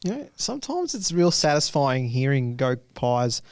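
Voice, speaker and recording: A man's voice: medium pitch, sing-song, normal speed, smooth, dry recording, studio quality. A man hosting a podcast, laughing often and introducing listener voice messages in casual chat. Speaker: podcast host.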